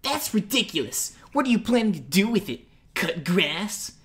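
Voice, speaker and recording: A woman's voice: mid-range voice, sing-song, moderate pace, a bit bright. A woman voicing a sneering, bratty older boy of the forest folk in a storybook reading. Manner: sneering, scoffing.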